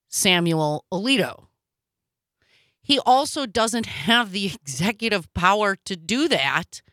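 Bright, sarcastic woman commentator. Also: mid-range voice, dry recording, studio quality. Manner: animated, sarcastic, cutting. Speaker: host. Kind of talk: political commentary.

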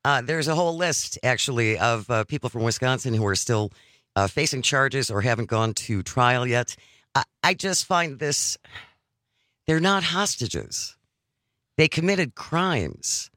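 A man hosts a talk radio show, chatting casually but earnestly and working through his argument step by step. His voice has a bright, forceful edge. The studio sound is dry and close. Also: medium pitch, animated, unhurried, no echo. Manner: conversational, earnest, argues point by point.

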